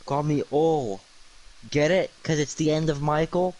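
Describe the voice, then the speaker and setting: Tired, slow-talking goofy man streaming. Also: on the high side, a little mellow, rough recording. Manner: rambling, goofy wordplay with many ums and uhs. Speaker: livestreamer. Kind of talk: casual late-night stream chat.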